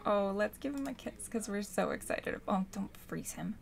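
Young female gameplay host, bright excitable delivery, lively swooping pitch. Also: normal speed, creaky, hardly any pauses. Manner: excitable, squeals and gushes. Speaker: gaming channel host. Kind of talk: casual gameplay commentary.

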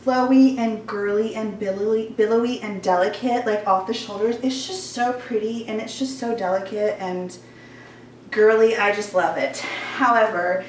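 A woman's voice: mid-range voice, fairly even intonation, moderate pace, slight background noise. A young woman chatting casually in a try-on haul, gushing over clothes with lots of fillers, slightly out of breath. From Georgia, US Southern. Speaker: fashion vlogger. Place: warm bedroom at home. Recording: echoey room, voice a bit far off.

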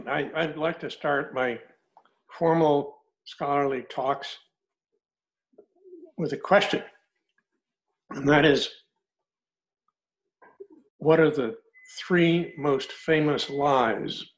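A man's voice: a little high, fairly even intonation, takes it slowly, pauses often, rough recording. Older man joking dryly as guest speaker. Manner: dry joking delivery. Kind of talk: dry humorous talk. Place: home, online video meeting.

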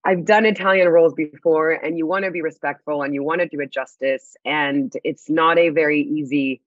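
A woman guest in a casual interview, talking in an animated way, laughing often and restarting her sentences. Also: low voice, a little fast, dry recording, highs cut off. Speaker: actress guest.

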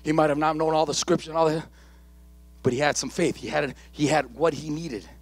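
A male pastor preaching a live church sermon with impassioned repetition and calls to the congregation, at times shouting, at times dropping low. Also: steady tone, fairly quick, gravelly, slightly rough, no room sound. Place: church sanctuary during a live service.

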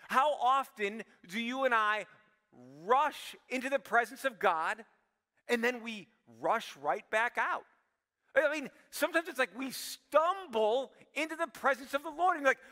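A man preaching a sermon as pastor, talking animatedly and acting out quick prayers, then dropping to hushed tones. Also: very high-pitched, long reverb tail.

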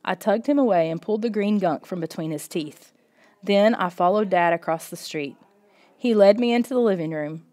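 A woman reading a children's storybook in the first person, steady and expressive. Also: mid-range voice, normal speed. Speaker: audiobook reader.

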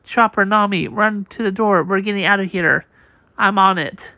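A man's voice: sits high, moderate pace, sharp tone, no echo. A man reading a manga aloud, voicing the sound effects and often stumbling and restarting. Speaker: manga reader.

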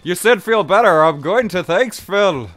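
A man voicing a rude, snarling character in a put-on accent, loud and sneering. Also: sits high, lively intonation, unhurried, pitched above the performer's own voice.

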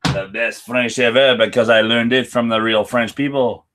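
A man appearing as a guest on a casual live whisky stream, answering in a dry, deadpan way and greeting viewers by name. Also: medium pitch, normal speed.

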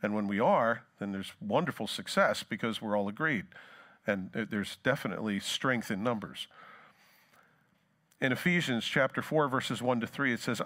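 A male pastor preaching a sermon, reading scripture dramatically and talking to the congregation in casual asides. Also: normal speed. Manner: dramatic scripture reading, rising loud then dropping low.

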